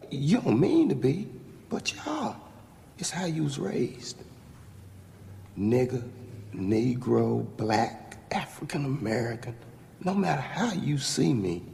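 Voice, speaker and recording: A defiant, accusing man on trial with a drawl, his voice gravelly and swinging widely in pitch. He talks slowly and with heavy intensity in a dramatic film scene. The sound carries a long reverb over faint background ambience. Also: darkish tone, a little hiss or hum, full character voice.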